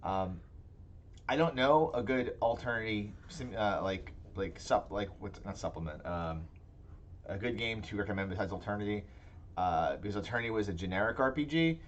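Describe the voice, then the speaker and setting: A man with a fairly low voice chats on a gaming podcast. He rambles, restarts his sentences and wanders off topic. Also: lively intonation, moderate pace, highs cut off, slight background noise. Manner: rambling, self-interrupting. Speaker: podcast co-host. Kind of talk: casual chat.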